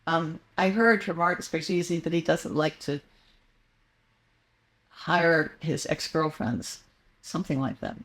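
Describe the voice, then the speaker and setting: A woman's voice: deep voice, takes it slowly, pauses often. An older woman, a guest in a casual interview, telling meandering anecdotes with frequent fillers and restarts.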